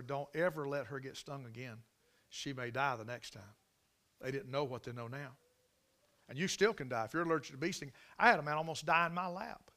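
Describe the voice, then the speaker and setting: Dramatic storytelling male preacher. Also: on the high side. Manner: dramatic storytelling with big swings from loud to hushed. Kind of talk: sermon.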